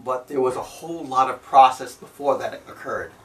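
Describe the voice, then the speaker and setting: A man, a spiritual teacher, speaking slowly and deliberately, repeating himself and tagging his phrases with "See?" and "you know.". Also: medium pitch. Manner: slow, deliberate and repetitive. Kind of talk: spiritual talk. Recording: voice from a distance to the mic.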